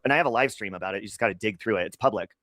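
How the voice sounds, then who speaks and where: A man hosting a livestream, chatting casually in an animated, gossipy and profane way. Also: fairly low pitch, very fast, dry recording, studio quality. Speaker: livestream host.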